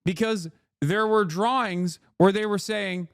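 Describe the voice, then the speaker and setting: A man hosting a stream, giving casual, sarcastic, animated commentary with some cursing. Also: high-pitched, unhurried, no room sound, studio quality. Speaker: streamer host.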